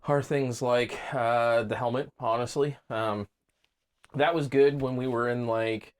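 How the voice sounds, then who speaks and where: A man's voice: medium pitch, steady tone, a little slow. Easygoing man telling a rambling story. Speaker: podcast co-host. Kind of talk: casual chat.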